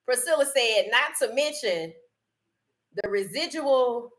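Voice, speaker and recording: Woman, livestream sports host, casual chat, bright voice, laughs a lot. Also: a little high, slow pace. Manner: animated, laughs often, talks to chat by name. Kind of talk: casual live-stream chat.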